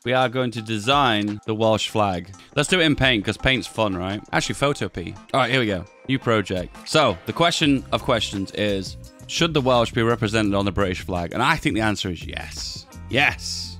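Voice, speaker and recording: A video host talks casually while editing images, often asking viewers what they think and laughing at his own jokes. His voice sits on the low side, with a fairly bright, animated tone at a normal pace, over soft background music.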